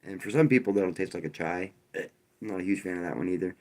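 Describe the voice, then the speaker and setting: A man's voice: low voice, quick pace, a little mellow. A man hosting a live stream, talking loosely and casually, with frequent restarts and a wry, sarcastic edge. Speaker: livestream host.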